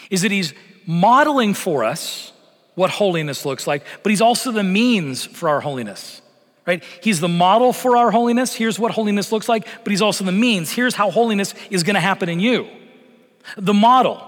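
Animated preacher in a reverberant church. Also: male voice, sits high. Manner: animated, conversational preaching with humor. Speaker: pastor. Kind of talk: sermon. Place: church sanctuary.

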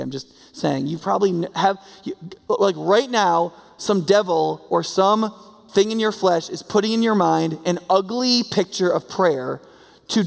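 Male pastor, casual animated sermon, higher pitch, long hall reverb. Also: creaky. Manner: animated, conversational, acts out quoted voices.

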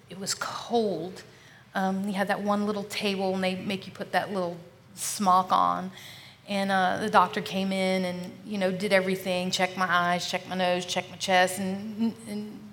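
A woman earnestly sharing her personal faith testimony as a podcast guest, often dropping to a soft, hushed voice and calling listeners y'all. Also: medium pitch, big-room sound, a little hiss or hum.

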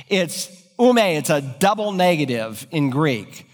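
A man's voice: a little high, lively intonation, unhurried, hardly any pauses, big-room sound. A man preaching an expository sermon, explaining Greek word order and building to emphatic peaks. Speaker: pastor.

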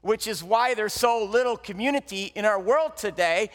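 A man preaching a sermon, telling the story dramatically and swinging from loud to hushed. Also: sits high, expressive, normal speed. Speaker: pastor. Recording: long hall reverb.

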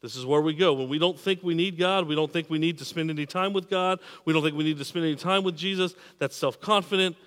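A man preaching a sermon, repeating and restarting words, swinging between emphatic peaks and quiet drops. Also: fairly high pitch, fast talker, hardly any pauses, big-room sound. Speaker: pastor.

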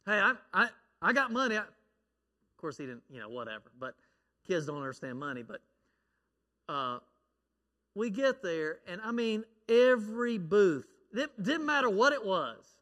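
Bright-voiced male preacher in a hall. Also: high-pitched, animated, a little slow, pauses often. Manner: storytelling, acts out a child's shouting prayer. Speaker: pastor. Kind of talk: sermon.

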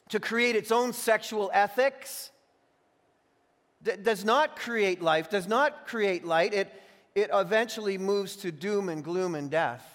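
High-voiced pastor preaching in a reverberant hall. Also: male voice, a bit bright. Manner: emphatic preaching, slows and stretches key phrases, restarts with doubled words. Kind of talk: sermon. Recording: long reverb of a large hall.

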